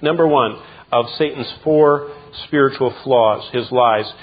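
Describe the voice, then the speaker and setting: A man preaching a sermon as pastor, emphatic, with repeated words and quick asides. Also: medium pitch. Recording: dull lo-fi sound.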